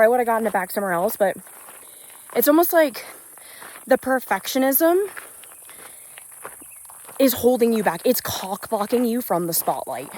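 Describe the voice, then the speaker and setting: Slightly winded as she walks a hiking trail in nature, a woman who works as a spiritual business coach records an unscripted motivational vlog. Her mid-range voice is earnest and uplifting, loose and rambling with fillers. She uses a phone with no external mic, picking up faint outdoor noise of crickets and insects.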